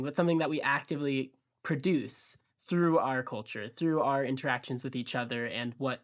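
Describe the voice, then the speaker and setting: Podcast host thinking out loud, calm and measured, mid-pitch voice. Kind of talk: conversational interview questions.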